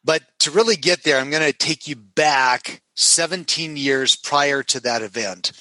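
A middle-aged man recounts a personal journey as a podcast guest, performing each quoted line with vivid shifts. His voice sits fairly high and rings bright. The sound is dry and close. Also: a little slow, no echo, rough recording. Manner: dramatic, acts out quotes with shifting pitch. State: emotional. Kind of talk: animated storytelling.

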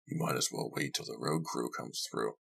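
A man playing a gruff, pushy older lodge owner who talks low and grumbling. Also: normal speed, a bit bright, full character voice.

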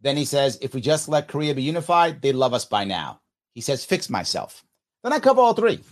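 A man in his fifties, a podcast host, talking casually and reading out listener comments with emphatic, animated delivery. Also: medium pitch, a little fast. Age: 50s. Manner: animated, emphatic, quotes others in exaggerated voices.

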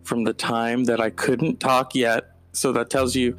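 A man hosting a solo podcast, unhurried in pace but animated and prone to digressions. He breaks into mock-dramatic outbursts now and then, with faint music in the background. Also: mid-range voice. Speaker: podcast host. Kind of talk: casual solo podcast monologue.

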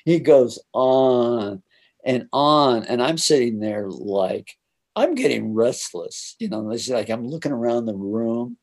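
An older man recounts a story from his working life at an unhurried pace. He slips into the voices of the people in it and laughs along the way. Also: medium pitch. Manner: animated anecdote-telling, acts out voices and laughs often. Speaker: interviewee recalling his career. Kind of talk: casual storytelling.

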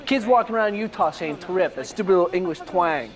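A man's voice: high voice, fast talker, natural voice. An actor playing an angry young male punk who rants with profane, sardonic scorn, in a clip from a film. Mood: ranting.

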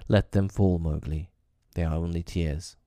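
A man voicing a wise, gentle black panther mentor who speaks calmly and tenderly. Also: low voice, measured pace, no echo, studio quality. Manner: calm, tender.

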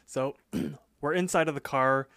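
A man's voice: fairly high pitch, fairly even intonation, a bit bright, clear, resonant tone, no echo, studio quality. A man co-hosting a podcast, casually recapping a cartoon episode and quoting the characters as he goes. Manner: retells scenes, quoting characters in quick asides. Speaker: podcast co-host.

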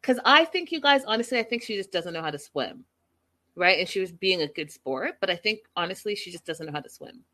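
A woman's voice: fairly low pitch, expressive, fairly quick, bright, forceful tone. A woman recapping a reality show episode for her viewers in a casual, gossipy, incredulous way.

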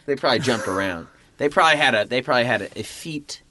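Man from Oklahoma, casual chat, rambling, bright forceful voice, dry close mic. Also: medium pitch, animated, fast talker, no room sound. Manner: rambling, trailing off, many fillers.

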